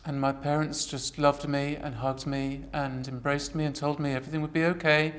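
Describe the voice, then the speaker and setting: A woman's voice: deep voice, level tone, normal speed. Woman in her 40s, interview, earnest and reflective, lots of little restarts. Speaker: interviewee, actress. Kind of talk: personal interview storytelling.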